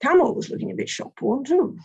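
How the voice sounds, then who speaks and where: A woman's voice: high-pitched, very animated, a little fast, creaky, darkish tone, breathy edge, lo-fi sound. A woman at a seminar reading a comic prose passage aloud in a playful, amused way.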